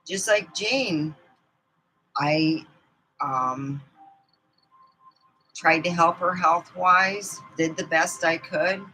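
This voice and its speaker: A woman's voice: fairly low pitch, very slow, long pauses, sharp tone, soft background music, rough recording. A middle-aged woman telling rambling personal stories in a casual vlog, laughing often as she goes. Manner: rambling, chatty, laughs often mid-story. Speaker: vlogger.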